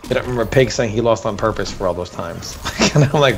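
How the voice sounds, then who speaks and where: A man's voice: mid-range voice, fast, vocal fry, hardly any pauses. A man chatting casually as a co-host, telling tournament stories, laughing and acting out quotes. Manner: animated, laughing, acts out quotes. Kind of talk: casual storytelling chat.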